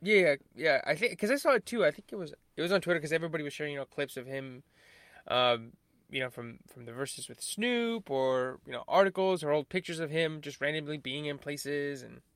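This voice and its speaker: A man's voice: on the high side, animated, a little fast, fairly bright tone, no room sound. A man co-hosting a podcast in casual chat, mostly chiming in with short agreement.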